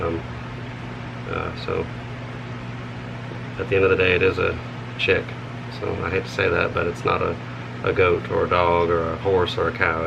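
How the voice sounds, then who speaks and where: A man, talking frankly and rambling as he thinks out loud in a casual homestead vlog, outdoors. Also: low voice, gravelly, muffled recording, noisy background. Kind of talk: casual vlog talk to camera.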